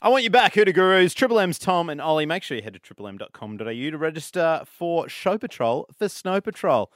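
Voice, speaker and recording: A man's voice: fairly high pitch, big pitch swings, fast talker, fairly bright tone, no room sound, clean studio sound, faint music behind. An Australian man co-hosting a radio show, reading plugs and teasing his partner with wry jabs. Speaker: radio co-host. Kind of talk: radio banter and announcements.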